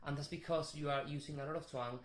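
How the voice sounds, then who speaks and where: Man coaching a vocal warm-up in a roomy studio. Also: fairly high pitch, steady tone, quick pace. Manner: explanatory, with frequent restarts and sung examples. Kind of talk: vocal warm-up lesson with sung demonstrations.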